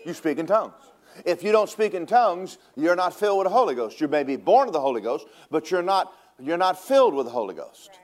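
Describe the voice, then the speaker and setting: A man preaching from the pulpit, swinging from booming declarations to hushed, confiding asides. He tells humorous stories and chuckles at his own jokes, his voice rising and dropping as he goes. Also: fairly quick. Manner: animated, shifts from loud preaching to hushed asides. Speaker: pastor. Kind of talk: sermon.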